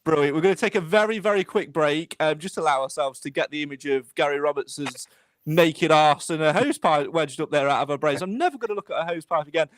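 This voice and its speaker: A man's voice: on the high side, quick pace, dry recording. A man hosting a live podcast, talking in a chatty, rambling way with many restarts. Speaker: podcast host.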